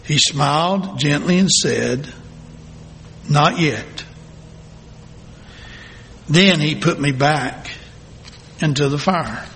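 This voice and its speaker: Slow-speaking male pastor in a reverberant hall. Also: on the high side, vocal fry, fairly bright tone, slight background noise. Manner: slow, deliberate reading with dramatic pauses. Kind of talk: sermon storytelling.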